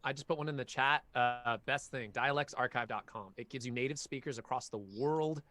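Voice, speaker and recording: A man's voice: mid-range voice, brisk. A man, a voice actor, talking casually and animatedly at an online workshop, telling long stories from his work. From half Filipino heritage. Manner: animated, talkative storyteller. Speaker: voice actor guest.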